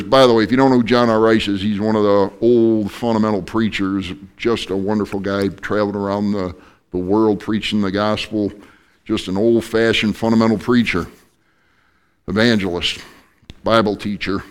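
A male pastor preaching an evening sermon, animated, with joking asides to the congregation. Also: on the low side, clean tone.

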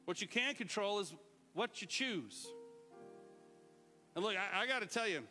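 A middle-aged man preaching a lively sermon, sometimes shouting out words to show what they mean. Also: sits high, unhurried, big-room sound, faint music behind. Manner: animated, shouts out words to demonstrate. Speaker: pastor.

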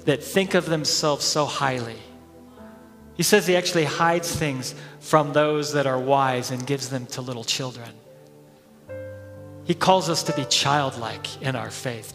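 Animated preacher in a reverberant hall. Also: male voice, fairly high pitch. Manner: animated preaching, acts out crowd voices, chuckles often. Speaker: head pastor. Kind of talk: sermon.

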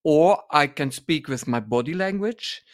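A man co-hosting a dance podcast in casual conversation, often pausing to search for words mid-sentence. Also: fairly high pitch, lively intonation.

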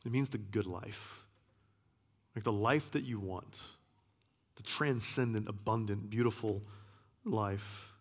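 Guy preaching a sermon, earnest, repeats stuff, goes quiet sometimes, long echo off the hall. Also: on the low side, slow pace, long pauses. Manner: earnest preaching that repeats phrases and drops to a hush. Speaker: guest preacher.

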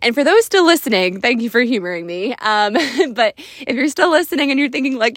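A woman's voice: on the high side, expressive, fairly quick, fairly bright tone, dry recording, studio quality. A young woman hosting her own podcast, talking in an emotional, gushing and casual way, with some swearing. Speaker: podcast host.

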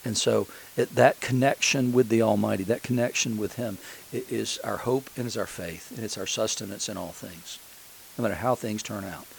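Low, gravelly-voiced male preacher. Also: steady tone, normal speed, slight background noise, rough recording. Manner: conversational storytelling with frequent restarts. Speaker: pastor. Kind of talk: sermon.

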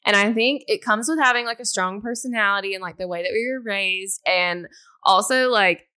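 A woman's voice: mid-range voice, normal speed, bright, forceful tone, clean tone. A young adult woman co-hosting a podcast, speaking earnestly and casually with lots of filler words. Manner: earnest, rambling, heavy use of "like". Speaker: podcast co-host. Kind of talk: casual chat.

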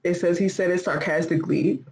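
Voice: mid-range voice, fairly even intonation, a little fast, poor audio. Thoughtful casual Bible chatter. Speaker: podcast co-host discussing scripture. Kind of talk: casual Bible discussion chat.

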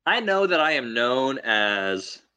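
A young adult man co-hosting a casual sports chat, joking and animated, teasing rival fans. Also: mid-range voice, takes it slowly, clean tone. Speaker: co-host.

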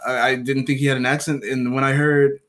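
A man's voice: mid-range voice, little pitch movement, brisk, a bit bright. A man co-hosting a podcast in casual chat, joking and laughing through his lines. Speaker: podcast co-host.

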